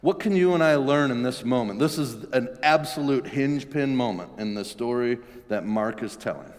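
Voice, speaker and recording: A man's voice: medium pitch, moderate pace. A pastor giving a sermon in an earnest, conversational way, often restarting his phrases. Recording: long reverb in a large hall.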